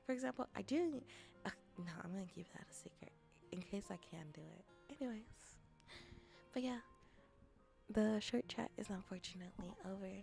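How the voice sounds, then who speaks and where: Young woman with gravelly fry, half-whispering. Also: mid-range voice, moderate pace, soft background music. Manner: often drops into soft whispers; rambling, with restarts and giggles. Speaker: VTuber and ASMR creator. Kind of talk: casual livestream chat.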